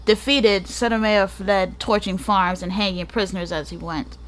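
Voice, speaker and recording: A woman's voice: medium pitch, fairly even intonation, moderate pace. Playful woman reading aloud with asides. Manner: playful, breaks off reading for joking asides and laughs; stumbles over and repeats hard names and words. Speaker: gaming channel host. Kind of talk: reading a book aloud with casual commentary.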